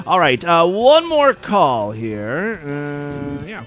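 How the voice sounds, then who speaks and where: A man hosts a crude comedy podcast with a somewhat high voice. He rambles and mocks in an irreverent, offhand way. Faint music plays underneath. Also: big pitch swings, slow, a bit bright. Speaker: podcast host.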